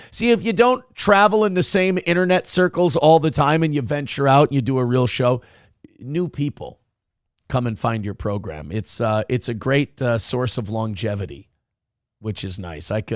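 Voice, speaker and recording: A man's voice: medium pitch, no room sound, clean studio sound. A man from Minnesota hosting an internet morning show, reading viewer donations aloud and riffing on the news in a crude, blunt, sarcastic way. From Minnesota, USA.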